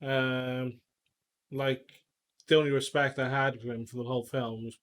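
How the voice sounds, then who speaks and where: Relaxed male co-host, mid pitch, dry remarks, unhurried. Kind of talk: casual movie review chat.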